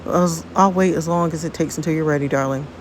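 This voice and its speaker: A woman voicing a gentle, doting teenage boy courting a girl. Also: low voice, fast, a little hiss or hum. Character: sweet romantic teenage boy suitor.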